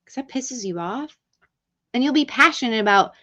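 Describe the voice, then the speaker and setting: A middle-aged woman hosts a casual livestream, chatting loosely, swearing freely, reading viewer comments aloud and drifting off-mic. Her voice is high-ish, animated, bright and forceful at a moderate pace, over dull lo-fi stream audio.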